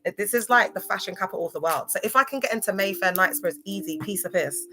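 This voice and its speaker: A woman's voice: mid-range voice, quick pace, over music. A young woman chatting casually to viewers on a livestream, laughing often. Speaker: livestream host.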